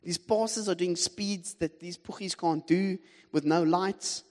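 A man's voice: high voice, a little slow. A man with a South African accent preaching a sermon, telling a story with animation and humor and putting questions to the congregation. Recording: long hall reverb.

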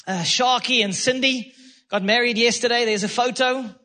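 A man's voice: extremely high pitch, steady tone, moderate pace, bright, forceful tone. A man preaching a sermon as pastor, fervent and repetitive, calling out praise between points. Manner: fervent preaching with repeated phrases and exclamations.

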